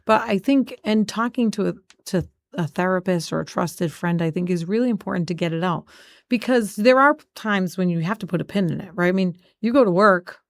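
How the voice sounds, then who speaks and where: A woman's voice: fairly low pitch, brisk, dry recording, studio quality. A woman in her forties co-hosting a casual chat podcast, talking in a chatty, storytelling way with many "like" fillers. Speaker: podcast co-host.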